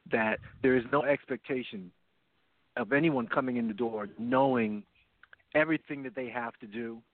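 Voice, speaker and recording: This medium-pitched man, recorded dry, co-hosts a recovery talk show in casual radio style. He comes through a phone line instead of his headset, explaining in earnest and repeating phrases a lot.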